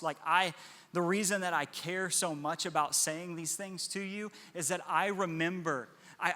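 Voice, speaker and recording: A man's voice: on the high side, bright, forceful tone. Earnest young male pastor preaching in a hall. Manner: earnest, repeats himself for emphasis. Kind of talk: sermon. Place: church hall. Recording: long hall reverb with music behind.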